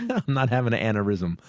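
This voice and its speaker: Ranting man with a swinging, lively voice. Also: no room sound, studio quality. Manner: angry, swearing rants with lively swings of pitch. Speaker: podcast host. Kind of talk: ranting comedy podcast talk. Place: podcast studio.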